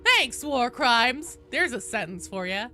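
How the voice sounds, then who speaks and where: Lively, bright-voiced woman game streamer. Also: on the high side, slow pace, faint music behind. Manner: animated, swears casually, reads out chat names. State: sleep-deprived and tired. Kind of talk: casual live-stream chat.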